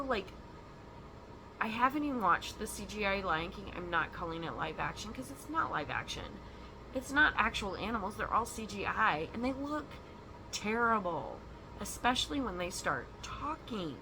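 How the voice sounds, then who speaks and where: This stitching vlogger chats from home in a mid-range voice, wandering off topic and filling the talk with ums and laughs. Some background noise can be heard.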